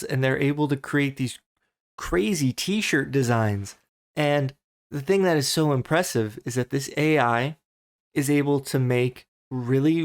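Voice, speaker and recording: A young man talks casually on his own podcast at an ordinary middle pitch. His voice is smooth and clear. He muses and second-guesses himself as he works through his thoughts. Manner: thoughtful, musing, self-questioning. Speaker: podcast host. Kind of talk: casual solo commentary.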